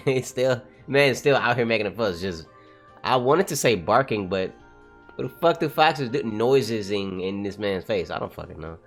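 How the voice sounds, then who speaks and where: Slangy, excitable man reading comics aloud. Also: mid-range voice, moderate pace, faint music behind. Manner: slangy, excitable, laughs often. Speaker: manga reaction streamer. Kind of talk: casual read-along commentary.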